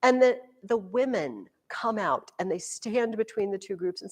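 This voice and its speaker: A woman teacher giving a classroom history lesson, telling the story in an animated, joking way. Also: mid-range voice, moderate pace, hardly any pauses. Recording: echoey room with long reverb.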